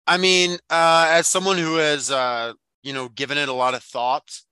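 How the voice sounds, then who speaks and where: Guy cohosting a book podcast, bright voice, rambles thoughtfully w lots of ums, dry close sound. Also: a little high, flat delivery, moderate pace, clean tone, no echo. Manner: thoughtful, rambling, many fillers and restarts. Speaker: podcast co-host. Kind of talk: casual book discussion.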